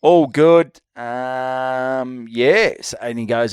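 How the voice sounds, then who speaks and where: A man's voice: mid-range voice, very slow, darkish tone, smooth, no echo, clean studio sound. Crude Australian man telling a story. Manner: crude, laddish, acts out quoted voices. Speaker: podcast co-host. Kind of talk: casual storytelling chat.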